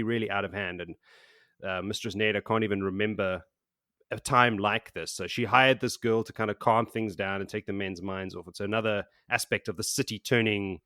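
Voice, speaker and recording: A man's voice: lowish voice, dry recording, studio quality. A man co-hosting a podcast, recapping a book chapter in casual chat and acting out the characters' lines, with some swearing. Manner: animated retelling with acted quotes and swearing. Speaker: podcast co-host.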